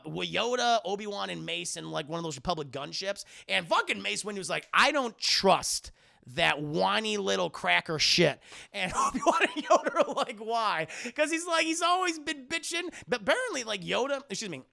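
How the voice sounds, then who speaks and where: A man with a gravelly, strongly creaky voice talks through a film scene by scene for a live chat. His tone is bright and forward, and his review is casual and full of swearing. He breaks into quick mock voices for the characters as he goes. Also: high voice. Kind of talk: casual spoiler review, profane and animated.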